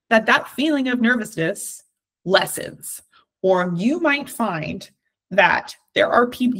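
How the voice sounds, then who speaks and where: A woman's voice: medium pitch, a bit bright, slightly rough. A woman from Southern California with a Valley Girl accent, giving an encouraging, chatty workshop talk with frequent ums. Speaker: workshop speaker.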